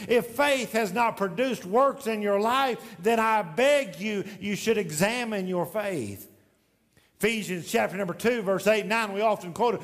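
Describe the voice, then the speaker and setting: A man preaching a sermon as pastor in a church sanctuary, swinging between loud emphatic lines and hushed ones. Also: high voice, in a large hall.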